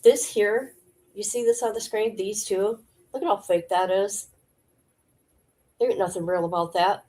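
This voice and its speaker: A woman's voice: mid-range voice, unhurried, long pauses, darkish tone. A woman hosting a livestream, chatting casually and talking straight to her viewers about celebrity gossip. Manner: chatty, addresses viewers directly. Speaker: livestream host.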